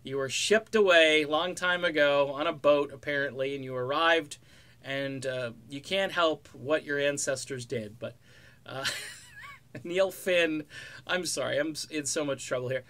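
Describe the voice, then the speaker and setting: A man's voice: on the high side, bright, forceful tone. Sarcastic rambling male music commentator. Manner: sarcastic, rambling, joking asides. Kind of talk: casual spoken commentary.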